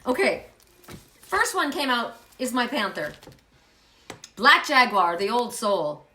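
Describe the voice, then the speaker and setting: A woman doing an oracle card reading on a livestream, talking excitedly, often exclaiming, swearing and laughing. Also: fairly high pitch, slow pace. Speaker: intuitive card reader.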